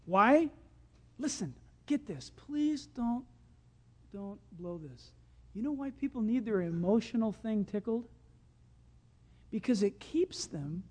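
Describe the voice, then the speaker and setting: A preacher giving a sermon, telling stories with animation and swinging from loud to hushed. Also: medium pitch.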